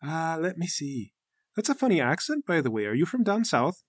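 A man's voice: fairly high pitch, sing-song, normal speed, no room sound, clean studio sound. Figure: chatty receptionist woman, voiced by a man. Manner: nosy, gushing. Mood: curious. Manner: gushing, nosy small talk.

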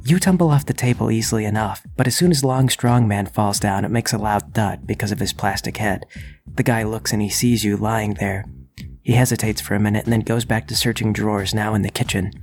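A man narrating as game master of a tabletop role-playing game, in a calm, steady storytelling voice. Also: fairly low pitch, a little fast, faint music behind.

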